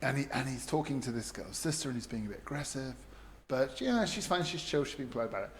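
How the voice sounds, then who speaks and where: A man telling animated anecdotes in a casual chat, often laughing. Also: medium pitch, fast, slight background noise. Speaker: expat podcast guest.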